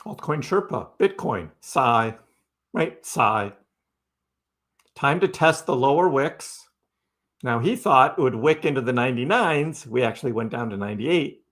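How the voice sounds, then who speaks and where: A man's voice: medium pitch, expressive, a little slow, a bit bright. A man hosting a casual crypto livestream, chatty and repetitive, often tagging lines with "right?" and talking back to his chat. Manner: chatty, repeats phrases, peppers with "right?"; talks back to chat commenters.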